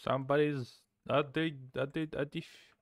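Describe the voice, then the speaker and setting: A man streaming a cooking game, chatting casually, swearing and suddenly shouting. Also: fairly high pitch, fairly even intonation, moderate pace, dry recording, clean studio sound. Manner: chaotic, swears, bursts of shouting. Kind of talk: casual gameplay chat.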